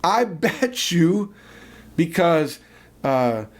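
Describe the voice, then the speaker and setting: A man co-hosting a casual podcast, telling a childhood story with animated asides. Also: fairly high pitch, very slow. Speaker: podcast co-host.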